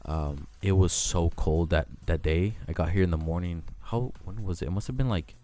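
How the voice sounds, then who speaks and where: A man's voice: low-pitched, moderate pace, dark tone, faint music behind. A young man with a Mexican American accent, rambling casually in a vlog, interrupting himself and swearing now and then. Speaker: vlogger.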